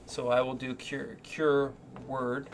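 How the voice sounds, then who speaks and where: A man playing a tabletop game, his voice sitting at an ordinary pitch for a man. He talks in a rambling, animated way about his character's magic, trailing off into asides, with faint noise under him. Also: takes it slowly. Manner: rambling and animated, laughs a lot. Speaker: player. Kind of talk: casual play with in-character narration.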